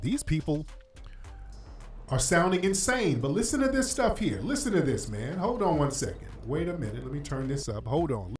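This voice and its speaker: A man's voice: fairly high pitch, slightly rough. Blunt slangy male radio host. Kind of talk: commentary over played clips.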